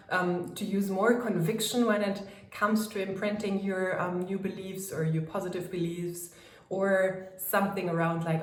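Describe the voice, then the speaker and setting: A woman's voice: mid-range voice, normal speed. Emphatic woman coach in an echoey room. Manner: emphatic, swings between mocking and commanding tones. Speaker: life coach. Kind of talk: casual direct-to-camera talk.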